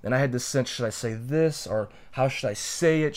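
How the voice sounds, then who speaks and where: A young adult man sharing a personal story as a podcast co-host, reflective and heartfelt, slowing down to stress key points. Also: mid-range voice.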